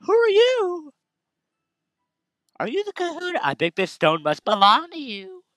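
A man voicing a shy, polite young girl in a high falsetto while reading game dialogue. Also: huge pitch swings, measured pace, fairly bright tone, no room sound, clean studio sound, heavily acted. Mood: timid.

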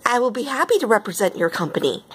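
A woman voicing a kind, cheerful young woman in a high, earnest voice while reading a storybook aloud. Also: big pitch swings, quick pace, a little hiss or hum. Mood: reassuring.

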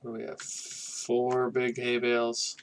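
A relaxed young man talks through his gameplay at a slow, unhurried pace, musing out loud. He has an ordinary mid-range voice, recorded at a desk microphone, with keyboard typing behind him. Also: mid-range voice, slight background noise. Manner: relaxed, musing, thinks aloud with fillers. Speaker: gaming channel host. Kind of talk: casual gameplay commentary.

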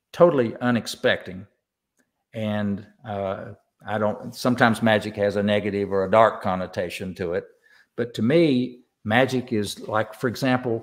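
An older man speaks with a warm East Tennessee drawl, his voice sitting a bit low. He takes his time, reflecting thoughtfully as a guest in a relaxed interview. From Southern United States. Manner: slow, reflective storytelling. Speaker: guest songwriter. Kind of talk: casual interview.

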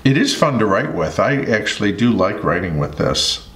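A man hosting a pencil review vlog, talking in an unhurried, thoughtful way with many pauses and fillers. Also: lowish voice, sing-song, a bit bright, reverberant. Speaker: host.

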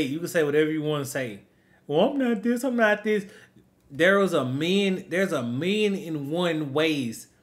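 A man's voice: on the high side, a bit bright. A man hosting a reaction video, talking bluntly and repeating his points for emphasis in casual commentary. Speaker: reaction channel host.

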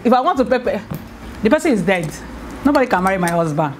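A woman's voice: medium pitch, sing-song, fast, a little hiss or hum. A woman chatting on camera with her husband for a family vlog, teasing and playful, talking over him. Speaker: vlogger. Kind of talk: casual couple chat on camera.

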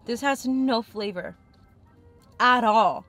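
A woman's voice: medium pitch, expressive, moderate pace, fairly bright tone, no room sound, soft background music. A young woman chatting frankly and thinking aloud as she tastes food in a casual eating vlog. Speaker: food vlogger.

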